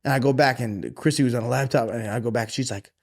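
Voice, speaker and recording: A man's voice: mid-range voice, fast. A man in his thirties, a podcast co-host, telling a story in casual chat, cursing freely and acting out the voices of the people in it. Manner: profane, animated, acts out quoted voices.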